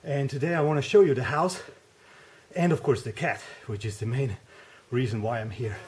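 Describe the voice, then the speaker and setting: A man talking casually as he walks through a house, giving a vlog tour with a chatty, wry, deadpan humor. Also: mid-range voice, moderate pace, slightly rough. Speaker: vlogger house sitting.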